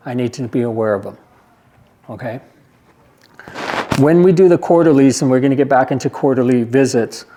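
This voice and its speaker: Mellow-voiced man giving a staff briefing. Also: medium pitch. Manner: conversational, repeats points, asks the room for questions. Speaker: presenter at a care agency meeting.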